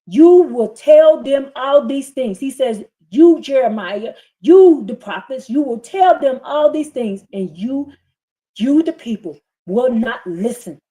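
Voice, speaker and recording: Fiery preaching woman, higher voice. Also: expressive, takes it slowly, mellow. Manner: fiery, scolding, reads scripture in rising bursts. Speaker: preacher streaming a scripture reading. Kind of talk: impassioned live-stream sermon.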